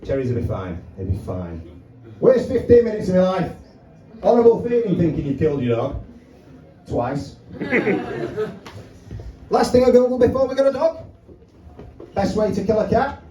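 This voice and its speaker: Male stand-up comic, lively up-and-down delivery, high voice, filmed from the back of a pub room with crowd laughter. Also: moderate pace, long pauses, reverberant, recorded from a distance, muffled recording. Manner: chatty, swearing, acts out phone calls. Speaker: stand-up comedian. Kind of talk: stand-up comedy set. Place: small pub comedy room. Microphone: handheld mic, filmed from far by tripod camera.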